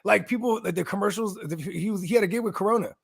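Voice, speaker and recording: A man's voice: high-pitched, quick pace, creaky, a crowd in the background. A man co-hosting a casual sports chat, talking in loose, slangy, laughing banter. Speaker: co-host.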